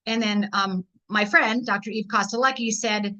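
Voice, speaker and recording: Upbeat, bright-voiced woman rallying her team. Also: medium pitch. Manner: energetic, rallying, rapid storytelling. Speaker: network marketing team leader. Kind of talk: motivational business training talk. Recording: dull lo-fi recording.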